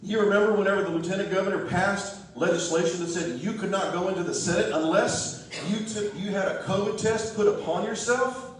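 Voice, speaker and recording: A man's voice: high-pitched, a little fast, slight background noise. A man giving a folksy, joking, rousing campaign speech to a crowd in a church hall. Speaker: political candidate. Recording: echoey hall, distant mic.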